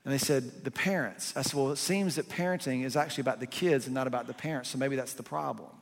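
A mid-range voice with noticeable vocal fry and a quick delivery belongs to a pastor preaching in an echoey hall. The sermon is animated and conversational, peppered with rhetorical questions.

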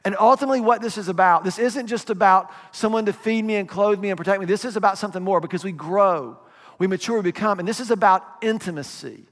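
Male pastor, conversational sermon, high voice, long hall reverb. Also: fast, a bit bright. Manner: conversational, asks the congregation questions.

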